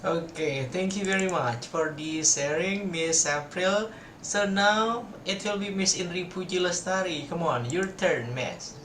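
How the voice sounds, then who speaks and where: A man's voice: high voice, measured pace, a bit bright. A man leading an online class as lecturer, coaxing students to speak in turn. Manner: coaxing, calls on students by name. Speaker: university lecturer. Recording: echoey room with faint noise.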